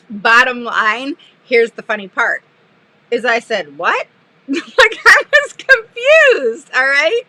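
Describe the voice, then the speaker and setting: Woman advocate, bright and fairly high voice, animated and sarcastic casual chat. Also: dry recording, low-quality recording. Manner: animated storytelling, sarcastic, laughs often. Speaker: special education advocate. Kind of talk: casual live-stream chat.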